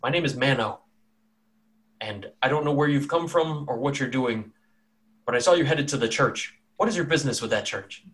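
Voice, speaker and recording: A man voicing a worn-down but resolute village priest who speaks in a grave, measured way. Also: medium pitch, animated, a bit bright, lightly acted.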